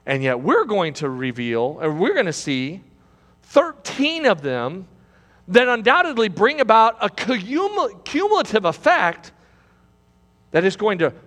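High-voiced male preacher in a reverberant hall. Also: huge pitch swings, unhurried. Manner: swings from loud, high exclamations to low, quiet passages, repeats phrases. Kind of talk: sermon. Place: church sanctuary.

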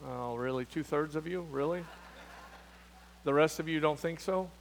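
High-voiced preacher in a reverberant hall. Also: male voice, normal speed, creaky, a little hiss or hum. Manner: emphatic, with frequent restarts and fillers. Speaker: pastor. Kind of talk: sermon. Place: church sanctuary.

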